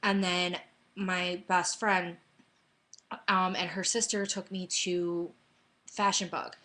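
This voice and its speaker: A woman's voice: fairly low pitch, flat delivery, slow, pushed and bright. A young adult woman giving a candid, rambling personal update in a casual webcam vlog at home. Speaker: vlogger. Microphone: webcam mic.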